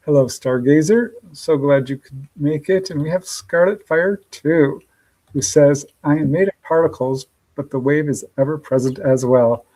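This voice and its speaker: A man hosts a casual livestream chat for his podcast, sounding upbeat and chatty as he greets viewers by name and laughs often. His warm voice sits on the high side at a normal speed, and the recording is rough.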